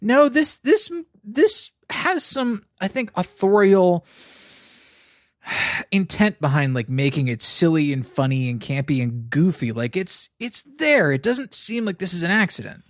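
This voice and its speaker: A man co-hosting a movie podcast in casual chat, blunt and expressive, swearing freely. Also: sits high, a little slow, no room sound, clean studio sound. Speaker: podcast co-host.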